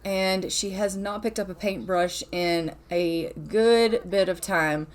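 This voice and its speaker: A woman's voice: mid-range voice, fairly even intonation, slow pace. A woman host narrating her life-simulation gameplay in a chatty, playful, casual way, laughing now and then. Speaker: gaming channel host. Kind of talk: casual let's-play narration.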